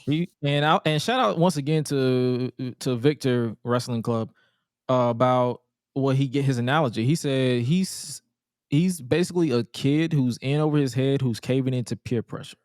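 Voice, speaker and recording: Man, podcast host, casual blunt chat, profane, smooth voice, dry recording. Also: medium pitch, normal speed, darkish tone, dry recording.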